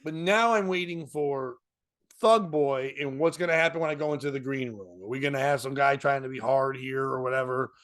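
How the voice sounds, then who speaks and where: A man's voice: mid-range voice, a little fast, fairly bright tone. A man hosting a podcast who tells a story casually, laughs through it, acts out other people's lines and swears freely. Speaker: comedian and podcast host.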